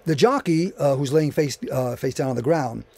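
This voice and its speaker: A man's voice: medium pitch, moderate pace, darkish tone. A man giving a history lecture, reading passages aloud and breaking off for conversational asides. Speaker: channel host.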